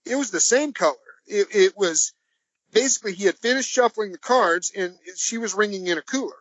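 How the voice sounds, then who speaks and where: A man on a podcast as the guest, telling a long anecdote in a rambling, halting way, chuckling as he goes. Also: high voice, fairly bright tone, dry recording. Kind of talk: anecdotal storytelling. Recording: dull, dry lo-fi audio.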